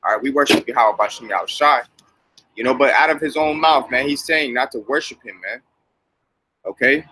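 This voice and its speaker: Brief: male commentator, casual preaching tone, bright forceful voice, loose filler-heavy delivery. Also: medium pitch, normal speed, slight background noise, poor audio. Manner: casual, repeats "man" and "okay". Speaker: religious commentator.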